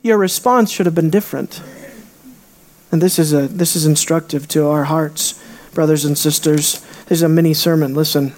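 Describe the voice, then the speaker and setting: Dramatic preacher with swinging delivery. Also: moderate pace. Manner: dramatic swings between loud high emphasis and quiet low asides; asks the congregation rhetorical questions. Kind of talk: sermon.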